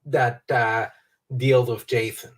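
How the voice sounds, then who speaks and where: A man co-hosting a livestream in casual fan discussion, talking in a measured, halting way with restarts. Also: medium pitch, flat delivery. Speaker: livestream co-host. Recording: distant from the mic.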